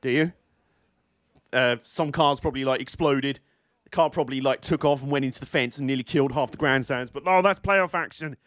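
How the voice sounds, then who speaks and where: A man streaming a live watch-along of a motor race, excitable and sweary, laughing often as he reacts. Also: mid-range voice, brisk, no room sound, studio quality.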